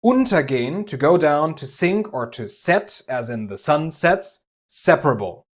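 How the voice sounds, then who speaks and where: A man's voice: on the high side, very animated, measured pace. Methodical German man teaching grammar. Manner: clear, methodical, lightly humorous. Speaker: language teacher. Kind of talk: scripted explanatory lesson.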